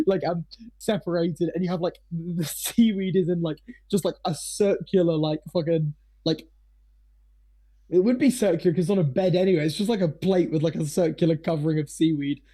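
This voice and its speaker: A man narrating a tabletop game as game master, rambling with lots of fillers, swearing and frequent laughter, his voice slightly hoarse. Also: on the high side, normal speed, mellow.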